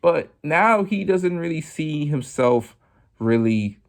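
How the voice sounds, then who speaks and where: A man hosting a podcast, talking through music news in a relaxed, chatty monologue full of "like" and "you know". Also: fairly high pitch, takes it slowly. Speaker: podcast host. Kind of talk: casual commentary monologue.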